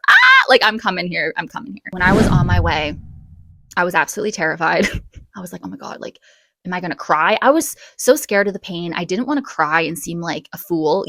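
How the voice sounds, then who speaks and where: A young woman telling a casual storytime vlog, chatty and animated, with quick bursts and gasps. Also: lowish voice, no echo. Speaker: vlogger.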